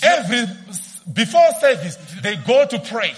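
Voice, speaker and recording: A man preaching a sermon in short phrases that pause for an interpreter, rising to shouts of praise. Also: very high voice, very animated.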